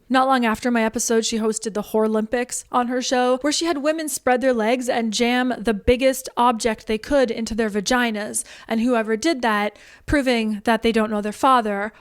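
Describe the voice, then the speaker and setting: A woman telling her side of a personal feud straight to camera, blunt and indignant, often acting out what others said. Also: high-pitched. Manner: indignant, blunt, quick to act out quoted voices. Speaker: online commentator. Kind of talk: direct-to-camera storytelling.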